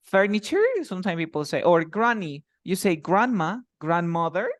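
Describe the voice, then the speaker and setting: A man's voice: sits high, moderate pace, dry recording, clean studio sound. A man whose first language is Spanish, teaching an English lesson in a casual style and explaining with many examples and repetitions.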